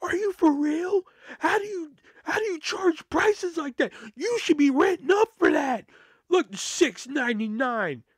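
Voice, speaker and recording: A man voicing an irate woman customer, shouting indignantly about pizza prices. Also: extremely high pitch, animated, unhurried, no echo, studio quality, voice pushed up, exaggerated voice. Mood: outraged.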